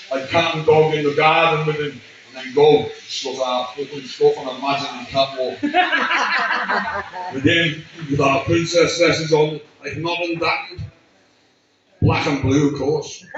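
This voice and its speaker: A man reads out a tribute at a gathering, his voice slightly raised in pitch, halting often and swearing as he fights back tears. He sounds distant from the mic, with heavy echo from the room. The sound is muffled and dull. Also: fairly bright tone. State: emotional, close to tears. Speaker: speaker at a memorial birthday gathering. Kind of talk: emotional tribute speech read aloud.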